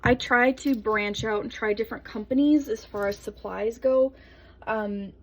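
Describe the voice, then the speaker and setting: A woman's voice: fairly high pitch, moderate pace, low-quality recording. A young adult woman soap maker chatting casually through a tutorial, rambling into asides while she works.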